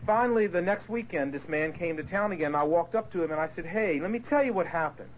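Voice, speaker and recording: A man with a fairly high voice tells his testimony to a group, swinging his pitch widely as he acts out quotes and asides. The recording is muffled and lo-fi, with a faint hiss underneath. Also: animated, fast talker, hardly any pauses. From Portsmouth, Virginia area. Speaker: speaker giving his testimony. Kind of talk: animated personal testimony to a group.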